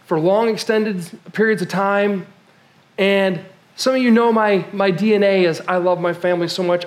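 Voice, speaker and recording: In his sermon, a male pastor with a notably high voice preaches in a conversational, personal manner. He often stumbles over words and starts his sentences again.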